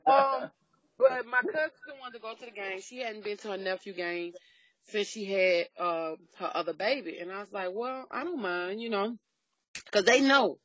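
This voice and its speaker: A woman's voice: medium pitch, normal speed, dull audio. A middle-aged woman in casual chat, talking bluntly and telling stories with lots of profanity. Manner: blunt, profane, animated storytelling.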